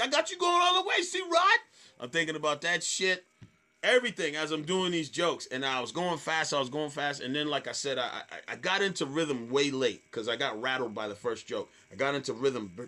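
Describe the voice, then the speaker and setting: A man in his thirties, a stand-up comedian, telling a story in a casual, animated way, often swearing and repeating words. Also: a little high. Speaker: stand-up comedian, podcast guest.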